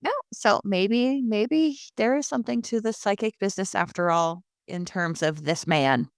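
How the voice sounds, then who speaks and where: Jersey girl podcast host, sarcastic recap chat, smooth clear voice, dry close mic. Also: medium pitch, moderate pace, no room sound. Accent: New Jersey. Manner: chatty and sarcastic, with animated asides. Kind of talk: casual episode recap chat.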